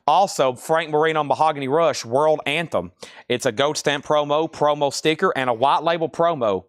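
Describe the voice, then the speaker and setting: A man hosting a live-stream record sale, calling out titles, bids and prices in a steady stream. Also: on the high side, no room sound, clean studio sound. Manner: rapid-fire listing of items and prices. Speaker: live auction seller.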